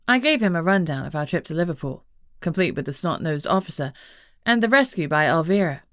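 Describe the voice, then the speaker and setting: Low-voiced woman narrating. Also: expressive, fairly quick, fairly bright tone, dry recording, clean studio sound. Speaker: audiobook narrator. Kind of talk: scripted first-person narration.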